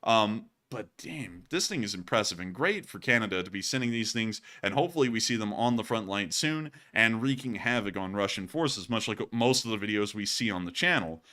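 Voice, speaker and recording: A man hosting casual commentary on war footage, joking and excitable and quick to laugh. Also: fairly low pitch. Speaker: host.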